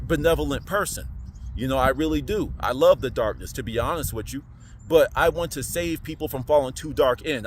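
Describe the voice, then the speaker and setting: A man giving a casual, slangy spiritual monologue into his phone, animated and preachy. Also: a little high, slight background noise. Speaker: spiritual vlogger.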